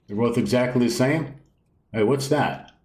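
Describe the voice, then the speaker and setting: A man's voice: medium pitch, normal speed, darkish tone, echoey room, low-quality recording. A man streaming a video game live, rambling casually, swearing now and then and reading on-screen text aloud. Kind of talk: casual live gameplay commentary.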